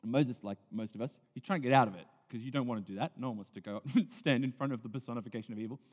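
A man's voice: mid-range voice, very fast. Earnest male pastor preaching in a hall. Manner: earnest, swings from loud emphasis to hushed near-whisper. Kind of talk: sermon. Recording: dull sound in a big reverberant hall.

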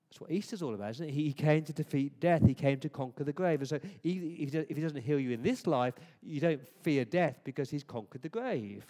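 A man delivers a sermon in a mellow, warm voice, drifting between hushed, intimate asides and emphatic declarations. His words ring out with a long reverb trailing behind them. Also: mid-range voice, fairly quick, hardly any pauses. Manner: conversational, swings from hushed to emphatic. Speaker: preacher.

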